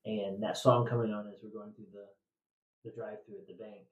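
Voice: medium pitch, flat delivery, brisk. A trivia podcast host from Indiana, chatting casually and telling rambling, laughing stories. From Indiana, USA. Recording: dull, roomy, distant mic.

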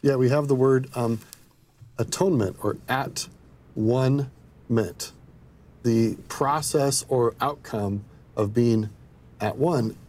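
A man's voice: medium pitch, slow, pauses often, a little mellow. A man teaching scripture in an earnest, explanatory discussion.

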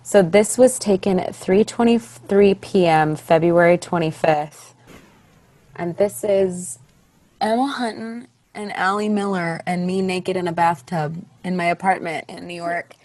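A young woman, a stage actress, chatting as a podcast guest, telling her story with lively acted-out quotes. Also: fairly low pitch, a little slow. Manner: animated, acts out quoted voices. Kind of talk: casual interview storytelling.

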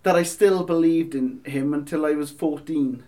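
Brief: male guest, chatty and meandering, a touch high in pitch. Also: normal speed, mellow. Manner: rambling, many restarts and fillers. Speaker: band member guest. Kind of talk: casual interview chat.

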